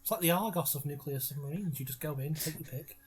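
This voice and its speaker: A man's voice: fairly high pitch, fast, a crowd in the background. A man co-hosting a casual film commentary, joking around and eating while he talks. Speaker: commentary co-host.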